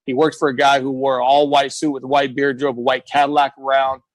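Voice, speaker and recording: Here the same kind of speaker, a middle-aged American man on as a guest, shares his life story earnestly, stressing his points and performing quoted voices. His medium-pitched delivery is flat and brisk, captured in a dry, rough recording.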